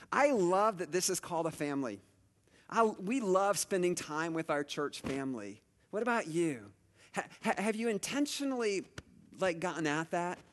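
Middle-aged male pastor, slightly high voice, chatty and story-driven. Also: big-room sound. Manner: chatty storytelling, many asides and restarts. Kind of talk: conversational sermon.

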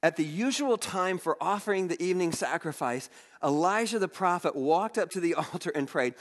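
Brief: high-voiced male preacher, animated delivery, reverberant hall. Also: normal speed. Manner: animated, restarts often, reads scripture aloud. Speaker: pastor. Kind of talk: storytelling sermon.

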